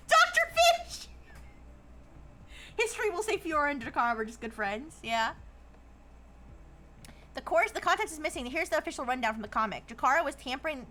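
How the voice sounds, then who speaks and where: A young woman streams live and chats casually. She giggles often and reads viewer messages aloud before riffing on them. Her high, bright voice swoops around a lot. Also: slight background noise.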